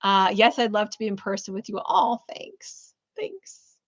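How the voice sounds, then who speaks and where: A woman hosting a live-stream reading alone in her room, chatting warmly and effusively with viewers, full of fillers. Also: medium pitch, fairly even intonation, brisk, lo-fi sound. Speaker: spiritual business coach hosting a live reading.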